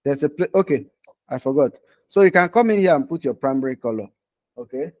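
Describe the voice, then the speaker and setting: Mellow-voiced man teaching design. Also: mid-range voice, lively intonation, fairly quick. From Nigeria. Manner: casual, talks while clicking through screens, frequent "okay?" and "right?" check-ins. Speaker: design instructor. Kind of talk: live online design tutorial.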